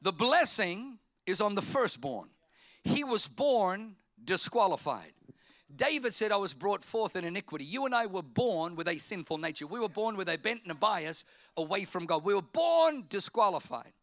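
A middle-aged man, preaching a sermon, swinging from loud emphatic lines to quiet hushed asides. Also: sits high, big pitch swings, moderate pace, no room sound. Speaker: pastor.

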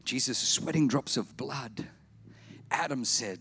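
A man preaching a sermon, emphatic and repetitive, slowing down and softening for effect. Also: mid-range voice, expressive, a little hiss or hum. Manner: emphatic, repetitive, drops to slow quiet lines for effect. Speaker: pastor.

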